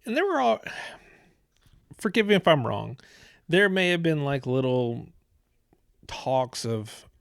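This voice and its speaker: A man's voice: mid-range voice, big pitch swings, normal speed, long pauses, smooth, no echo, studio quality. A man hosting a podcast in casual chat, rambling, swearing freely and laughing often. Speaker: podcast host.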